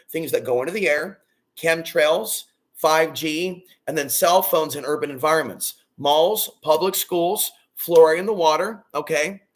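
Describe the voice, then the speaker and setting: A man talking straight to his viewers in a loud, booming, rambling monologue that swings between excited bursts and low, hushed stretches. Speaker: vlogger.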